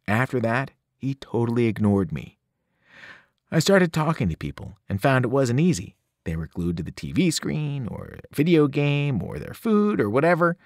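Expressive male teacher reading aloud. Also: normal speed, no echo, clean studio sound. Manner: expressive storytelling, varied pitch. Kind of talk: audiobook read-aloud.

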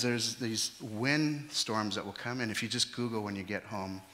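A man preaching a sermon as pastor, lively, acting out the panicked disciples in quick voices. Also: lowish voice. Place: church sanctuary. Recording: church hall with long reverb.

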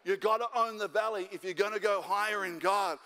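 An Australian man preaches as a guest pastor in a church auditorium, his high, steady, bright, and forceful voice trailing off in a long reverb. He speaks fairly quickly, fired up and driving his points home again and again.

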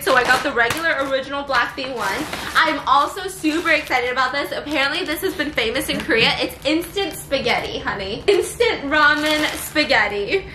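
A woman vlogger chatting casually and excitedly, exclaiming often and swearing now and then. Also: sits high. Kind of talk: casual vlog chat. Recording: echoey room with background noise.

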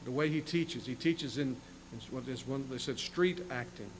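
A man's voice: medium pitch, moderate pace, a little hiss or hum, low-quality recording. Man preaching, reading scripture aloud. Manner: reads scripture aloud, then explains in plain asides; repeats words and restarts phrases. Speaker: pastor. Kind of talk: sermon. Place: church sanctuary.

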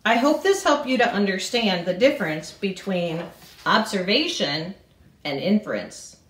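A woman teacher explaining a science idea to children in a clear way. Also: mid-range voice, lively intonation, unhurried. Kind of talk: short classroom explanation. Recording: roomy room sound.

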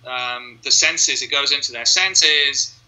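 A man's voice: medium pitch, takes it slowly, sharp tone, low-quality recording. A man, a hypnotist being interviewed, explaining his method step by step in casual conversation and acting out what his clients think. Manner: explains step by step, acts out clients' inner voices. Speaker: hypnotist guest.

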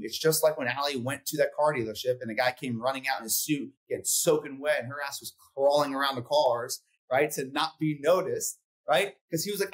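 Sales coach, man, fairly high voice, blunt and swears a lot, acts out calls. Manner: blunt, profane, animated with acted-out phone calls. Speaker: real estate sales coach. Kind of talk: casual podcast coaching talk.

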